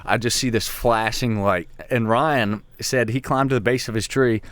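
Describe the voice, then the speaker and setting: A man telling a hunting story in casual podcast chat, swearing freely and getting animated as he talks. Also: mid-range voice, moderate pace, clean tone, dry recording. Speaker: podcast co-host.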